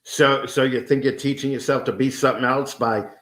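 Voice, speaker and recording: A man's voice: medium pitch, fairly even intonation, brisk, a bit bright, roomy sound. A man as a podcast guest in casual chat, ranting with heavy swearing and stammering restarts.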